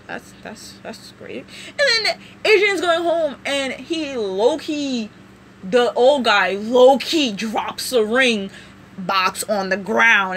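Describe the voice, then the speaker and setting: Full of asides, this woman vlogger's show recap rambles along in an animated way. Her voice is high and bright, and a faint hiss of background noise is audible.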